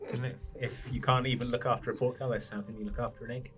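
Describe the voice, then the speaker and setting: Man, tabletop player, teasing, playful, mid pitch. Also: level tone, fast, fairly bright tone, soft background music. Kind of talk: tabletop role-play chat.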